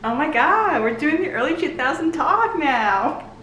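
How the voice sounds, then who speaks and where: A woman giving a live reaction commentary, gushing and excitable as she talks back to the screen. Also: high voice, a little slow. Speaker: book and TV reviewer. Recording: roomy echo, faint hiss.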